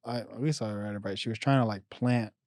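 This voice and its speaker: A man with a fairly low voice trades slangy, easygoing reactions with his co-host. He sounds close to the mic in a dry, dead space. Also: brisk, a little mellow, no room sound. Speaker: podcast co-host. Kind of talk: casual chat.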